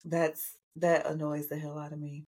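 A woman's voice: low-pitched, little pitch movement, normal speed, a little mellow, breathy edge. A woman co-hosting a podcast, chatting casually with a sassy storytelling manner. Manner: sassy, storytelling, says "child" and "girl". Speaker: podcast co-host. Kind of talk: casual chat.

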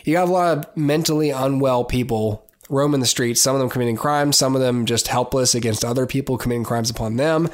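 A man's voice: medium pitch, brisk, few pauses. A man hosts a podcast by himself and talks loosely, with plenty of ums and restarts. He gives blunt, opinionated takes in a casual tone. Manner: rambling, many fillers and restarts. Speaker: podcast host. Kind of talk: casual solo commentary.

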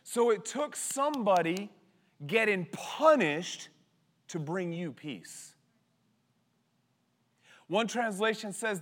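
A man in his thirties preaching a sermon with passion, swinging from loud bursts to hushed words. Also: sits high, lively intonation, takes it slowly, long pauses. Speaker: pastor. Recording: long hall reverb.

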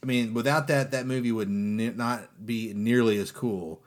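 A man's voice: medium pitch, moderate pace. A man chatting casually on a podcast, telling stories with lots of fillers and acting out quotes in playful voices. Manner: animated storytelling, acts out quotes. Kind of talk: casual chat.

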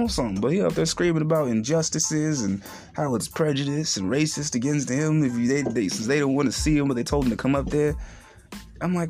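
A man hosting a podcast, telling a story in a blunt, profane and animated way, loudly mocking the people he quotes. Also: medium pitch, quick pace, faint music behind. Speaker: podcast host. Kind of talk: casual profane monologue.

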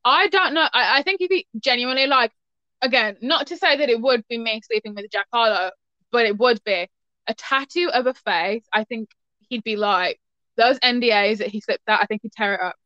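A young woman co-hosting a casual chat podcast, animated and swearing freely, breaking into shrieks of laughter. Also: a little high, fairly quick, no room sound, highs cut off. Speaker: podcast co-host.

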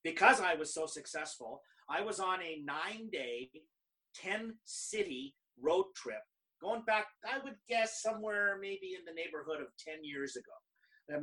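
Man, middle-aged, from canada, bright tense tone, lively storyteller quoting others. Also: sits high, moderate pace, recorded from a distance, low-quality recording. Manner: animated, quotes others in lively dialogue. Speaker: guest speaker. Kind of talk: conversational storytelling.

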